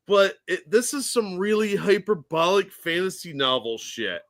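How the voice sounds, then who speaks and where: Bright-voiced mocking man. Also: high-pitched, sing-song, normal speed. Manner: laughing, mocking, nerdy asides. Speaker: podcast co-host. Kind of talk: casual chat.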